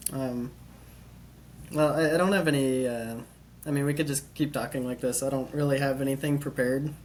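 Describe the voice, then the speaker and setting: An easygoing man hosts a casual podcast chat, speaking at an ordinary pitch and laughing often between short remarks. Faint room ambience sits behind him. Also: fairly even intonation, unhurried, pauses often, a little mellow, a little hiss or hum. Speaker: podcast host. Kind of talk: casual conversation.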